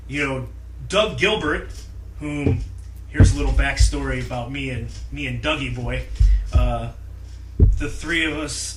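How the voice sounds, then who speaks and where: Animated storytelling man, roomy distant mic. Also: mid-range voice, background noise. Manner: animated, acts out quotes in shouted voices. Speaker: podcast guest. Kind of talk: casual storytelling.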